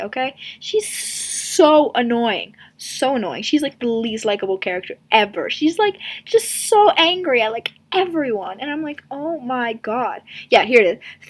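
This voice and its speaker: A woman's voice: a little high, animated, normal speed, hardly any pauses. A young woman casually ranting in a comic review, sarcastic and exasperated, with lots of filler words.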